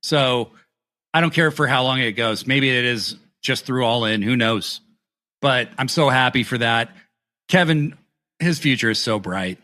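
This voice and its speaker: A man co-hosting a wrestling review podcast, talking excitedly and swearing freely as he recaps matches and acts out the wrestlers' lines. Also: medium pitch, unhurried. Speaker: podcast co-host. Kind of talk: casual wrestling review chat.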